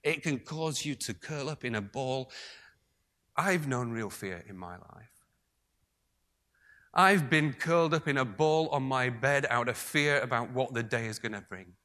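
A man preaching a sermon, moving between raised emphasis and hushed, almost whispered passages. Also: medium pitch, a little slow.

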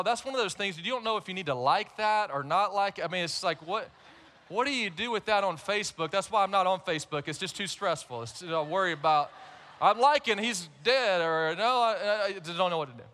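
A man's voice: high voice, quick pace, bright, forceful tone. A man, a pastor, preaching a sermon to a large church congregation, telling a personal story in a conversational way with light humor.

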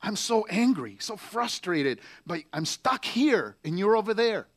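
A preacher reading aloud the letters of an angry, heartbroken young male Marine writing home, in a bitter, pained and halting voice. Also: sits high, sing-song, voice pushed up, exaggerated voice. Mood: furious. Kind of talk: letter read aloud in a sermon.

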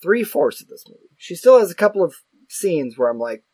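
A man chatting casually about movies as a podcast co-host, rambling and self-mocking with animated asides. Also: high voice, brisk, breathy edge, dry recording.

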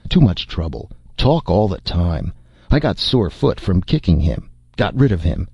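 A brutish, suspicious slaver chief, as a male narrator puts him on for an audiobook, barking short broken phrases. The voice is deep, dark and husky. The recording is dry and a little muffled. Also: very animated, a little slow, dry recording, full character voice. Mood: gruff. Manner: broken clipped speech, blustering. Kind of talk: audiobook character voice.

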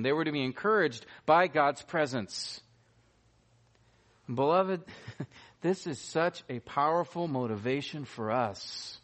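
Emphatic preacher, higher-pitched man. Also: a bit bright. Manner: emphatic, repeats key phrases for weight. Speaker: pastor. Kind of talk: sermon.

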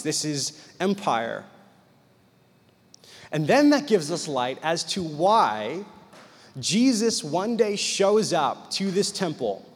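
A preacher gives a sermon in a high, bright, husky voice, telling the story with animation and acting out the voices of its characters. His words echo with the long reverb of a large hall.

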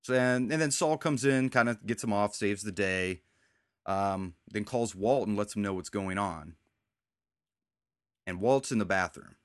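A man's voice: fairly low pitch, unhurried, dry recording, clean studio sound. A man hosting a casual chat, rambling as he recaps TV scenes and quotes the characters' lines. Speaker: podcast host.

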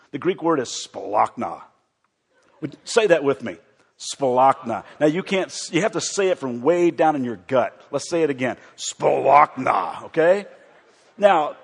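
A middle-aged man preaching a sermon as a pastor, moving from loud, excited emphasis to soft, quiet storytelling. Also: fairly high pitch, breathy edge. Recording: long hall reverb.

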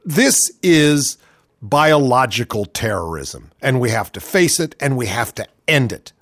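A man's voice: medium pitch, very animated, measured pace, fairly bright tone, no room sound, clean studio sound. A man hosting a political talk radio show, reading news items and breaking in with sardonic, mocking asides.

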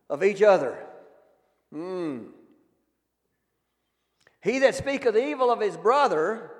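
Male preacher, folksy and direct, higher pitch, long hall echo. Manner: folksy, calls out questions to the congregation. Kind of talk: sermon.

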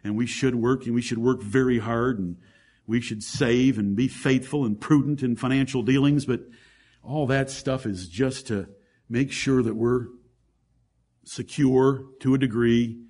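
A male pastor preaching a sermon, swinging from fervent raised passages to quiet, intimate asides to the congregation. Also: mid-range voice, fairly even intonation, measured pace, breathy edge. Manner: addresses congregation as brethren, rhetorical questions.

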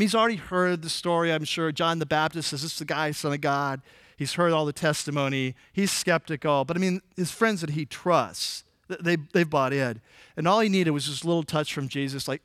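A man's voice: sits high, animated, moderate pace, fairly bright tone, no echo, clean studio sound. A man preaching a casual, conversational sermon, retelling the story with jokes and acting out the characters' lines. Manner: conversational, jokey, acts out quoted lines. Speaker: pastor.

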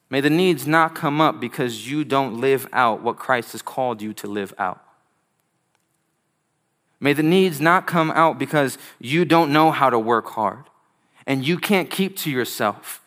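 Emphatic male preacher with dynamic delivery. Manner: emphatic preaching, swinging from loud peaks to hushed low lines; storytelling with quick asides. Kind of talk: sermon.

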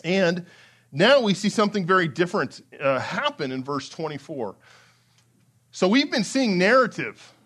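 Male pastor, slightly high voice, conversational sermon delivery with animated quoted lines. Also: normal speed. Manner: animated, acts out excited quotes with rising pitch; conversational with fillers and small laughs.

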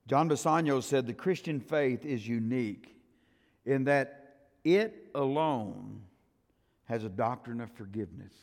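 An older man preaching a sermon in a folksy style, acting out quotes and swinging between loud and soft. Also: mid-range voice, slow pace, gravelly. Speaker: pastor. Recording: long reverb of a church hall.

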